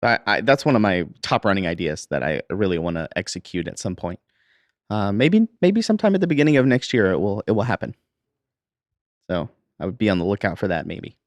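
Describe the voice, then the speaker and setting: A man's voice: fairly low pitch, sing-song, fairly quick, no room sound. A man hosting a live stream, chatting in an easygoing way and laughing often. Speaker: stream host. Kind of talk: casual livestream chat.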